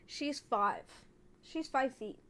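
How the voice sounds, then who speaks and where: High, lively woman streamer. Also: slow. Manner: laughs often, swears freely, animated and exaggerated. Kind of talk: casual live-stream chat. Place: her own room.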